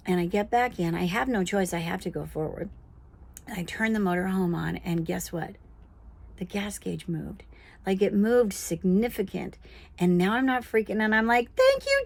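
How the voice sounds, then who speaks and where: A woman casually telling a personal story with animated, prayerful, self-deprecating energy. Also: medium pitch, gravelly, dry recording.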